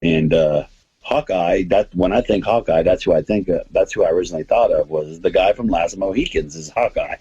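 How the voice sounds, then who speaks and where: A man's voice: low voice, lively intonation, brisk, creaky, warm tone, breathy edge, lo-fi sound. A man hosting a podcast, chatting casually and rambling enthusiastically about comics and movies. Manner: rambling, enthusiastic, many restarts. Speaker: podcast host.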